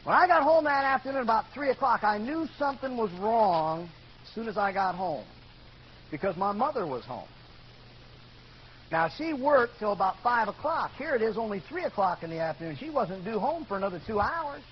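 An older man telling a personal story in a sermon, earnest and building to loud outbursts. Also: high voice, expressive, moderate pace. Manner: earnest storytelling, rises to shouting when quoting. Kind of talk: sermon testimony. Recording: dull lo-fi recording with faint noise.

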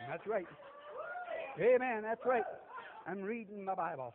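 An older man giving a folksy testimony sermon, animated and repetitive, chuckling as he tells it. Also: high voice, unhurried, long pauses, narrow, tinny audio, background noise. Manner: animated, repetitive, laughs while telling.

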